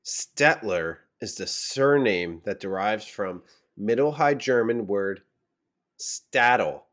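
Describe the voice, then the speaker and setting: A man's voice: on the low side, expressive, takes it slowly, a bit bright. A man co-hosting a podcast, playfully reading out facts he looked up during casual chat. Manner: reads out lookups, playful. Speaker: podcast co-host.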